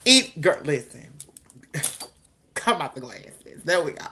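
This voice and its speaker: Low-voiced emphatic woman. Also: very animated, slow, pushed and bright, slight background noise. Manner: emphatic, folksy, addresses others as honey and girl. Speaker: discussion panelist. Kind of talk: casual group discussion.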